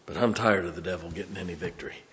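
A man, preaching a sermon as a pastor, swinging from loud to hushed. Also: deep voice, very fast, slight background noise.

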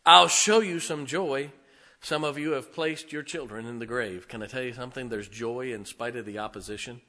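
A middle-aged man preaching a sermon as pastor, swinging between loud, emphatic lines and quiet, hushed ones. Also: mid-range voice, fairly quick.

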